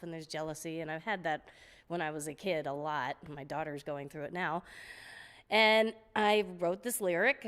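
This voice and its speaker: A middle-aged woman, a guest singer, telling lively stories in an interview, often laughing and acting out what people said. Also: fairly low pitch, clean tone. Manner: lively storyteller, laughs often, acts out quotes. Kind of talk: storytelling interview. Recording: long hall reverb.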